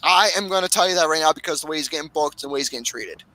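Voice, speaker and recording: A man hosting a casual podcast, recapping wrestling matches with lots of swearing and excitement. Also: on the high side, rapid-fire, crowd noise, poor audio. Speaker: podcast host.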